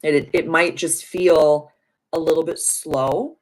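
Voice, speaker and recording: Chill young woman reading tarot cards on a live stream, low voice, lots of "like", super affirming. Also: fairly even intonation, a little slow, low-quality recording. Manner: warm, affirming, spiritual wording; chatty with many "like" fillers.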